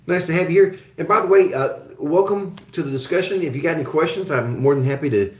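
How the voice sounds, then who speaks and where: A man from Germany hosts a casual live-stream chat with viewers, friendly and rambling, full of fillers and restarts. His voice is a little high and fast, with a reverberant sound.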